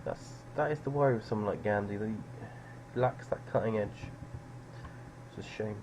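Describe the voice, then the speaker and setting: A man's voice: lowish voice, normal speed, noisy background. A man streaming live poker, musing over players in a dry, sardonic way.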